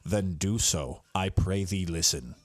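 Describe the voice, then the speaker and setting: A man's voice: low voice, unhurried, dry recording. A man reading lines as a noble thunder god king who speaks in solemn, archaic phrasing.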